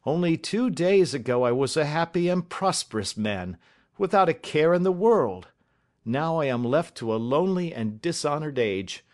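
A man voicing an excitable, distraught middle-aged banker in an audiobook, pleading and bursting with emotion. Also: on the high side, moderate pace, lightly acted. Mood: grieving. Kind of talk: audiobook character reading.

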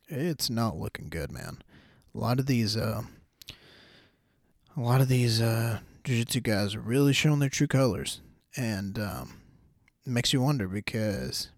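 A man's voice: medium pitch, no room sound, clean studio sound. A man hosting a casual solo podcast, talking loosely in slang and calling listeners bro. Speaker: podcast host.

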